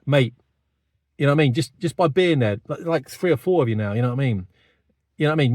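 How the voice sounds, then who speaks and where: A man's voice: mid-range voice, fast talker, darkish tone, no room sound, clean studio sound. A man in his fifties with a British accent, talking bluntly straight to camera and tagging his points with "mate". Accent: British English. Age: 50s. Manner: blunt, conversational, keeps adding "mate". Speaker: online commentator. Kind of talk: direct-to-camera monologue.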